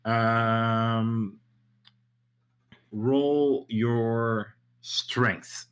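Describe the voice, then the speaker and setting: A man running a tabletop game as game master, talking casually with many pauses and restarts. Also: mid-range voice, steady tone, a bit bright, clean tone. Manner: hesitant, many ums and restarts.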